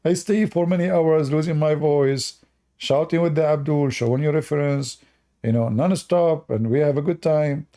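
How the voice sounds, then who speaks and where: A man's voice: a little high, normal speed, warm tone. A man with a non-native English accent, hosting a live debate stream with mocking, sarcastic asides. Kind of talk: casual livestream talk.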